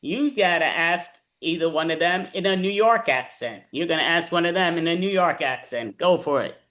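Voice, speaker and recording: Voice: mid-range voice, normal speed, a bit bright. A host running an improv comedy game over a video call, giving casual instructions. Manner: casual, instructing, loose fillers.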